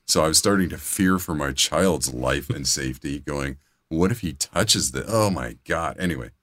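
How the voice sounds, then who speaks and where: Deep-voiced man telling profane stories. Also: normal speed, a bit bright, no echo, studio quality. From grew up outside California. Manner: profane storyteller, drops to low mutters. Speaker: podcast co-host. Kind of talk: casual chat.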